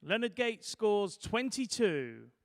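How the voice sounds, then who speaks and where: A man's voice: sits high, sing-song, dry recording, clean studio sound. A man calling darts scores, drawing out each call. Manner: slow, drawn-out announcing. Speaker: darts referee.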